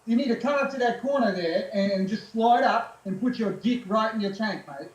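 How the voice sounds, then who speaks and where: A man's voice: high-pitched, brisk, reverberant, natural voice, rough recording. A man putting on a crude Australian motocross rider. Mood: bossy. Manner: crude, bossy coaching.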